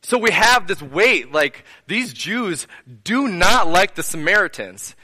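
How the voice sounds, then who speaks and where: A man's voice: sits high, big pitch swings, slow, pushed and bright. A man preaching a sermon to his congregation, earnest, building repeated phrases into lists and asking them direct questions. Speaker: pastor.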